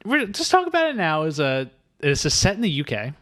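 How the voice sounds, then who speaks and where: A man's voice: fairly high pitch, brisk. A man hosting a casual movie podcast, joking and talking animatedly with his co-host. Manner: animated, jokey, slips into silly voices.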